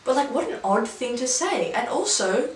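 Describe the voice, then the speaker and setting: A woman's voice: fairly high pitch, big pitch swings, moderate pace, recorded from a distance, a little hiss or hum. A chatty Australian woman hosting a quiz video, with wry commentary that often swears. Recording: echoey room, mic set back.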